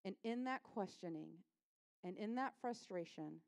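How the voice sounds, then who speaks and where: A woman's voice: medium pitch, lively intonation, normal speed, gravelly, a little mellow, clear, resonant tone. A woman pastor preaching a sermon in a church, conversational and impassioned, acting out voices and dropping to near-whispers at tender points. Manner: conversational, acts out voices of people and Jesus. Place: church sanctuary.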